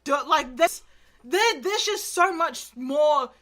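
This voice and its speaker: On a laid-back podcast, a female co-host meanders through stories she's retelling, using plenty of filler words. She speaks slowly and expressively in a high-pitched, fairly bright voice.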